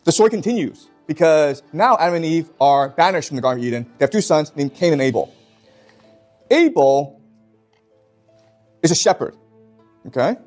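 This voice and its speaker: A man's voice: fairly high pitch, animated, normal speed, pauses often, a little mellow, faint music behind. A man teaching a class in an emphatic way, often stopping to check that his students follow. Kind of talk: classroom lecture.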